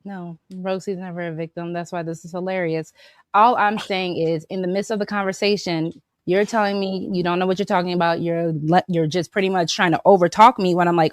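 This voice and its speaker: A woman on a panel, defending her point in a measured way during a heated debate. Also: lowish voice, steady tone, dry recording, clean studio sound.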